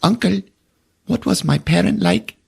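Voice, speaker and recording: A small, earnest alien boy who sounds close to tears, his voice pushed up high and thin. He pleads and wonders aloud, as a man puts him on during a podcast recap. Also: expressive, measured pace, gravelly, slightly rough, full character voice.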